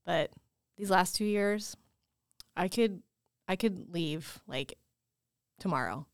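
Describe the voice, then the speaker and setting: A woman from California co-hosting a podcast, talking in an earnest, measured way with many fillers. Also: fairly low pitch, lively intonation, clear, resonant tone, no room sound, studio quality. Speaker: podcast co-host. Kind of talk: casual chat.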